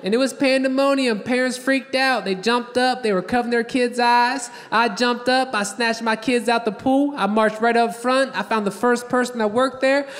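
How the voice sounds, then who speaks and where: This stand-up comic has an extremely high, fairly bright voice, keeping a steady tone at a moderate pace with hardly any pauses. Performing live in a large theater, he tells brash, profane stories and acts out people's words, amid long reverb and audience laughter.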